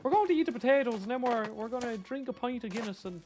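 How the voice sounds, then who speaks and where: A man's voice: very high-pitched, lively intonation, fast, darkish tone, faint music behind, pitched above the performer's own voice. A man putting on a mock stage-Irish man with an Irish accent, in an exaggerated parody delivery. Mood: boisterous. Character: over-the-top stage-Irish man, bellowing and pious.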